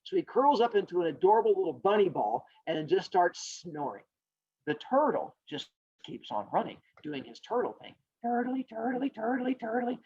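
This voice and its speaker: Rambling, jokey male teacher telling a fable over a video call, lively pitch, muffled lo-fi audio. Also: normal speed, slightly rough. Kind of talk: storytelling lesson.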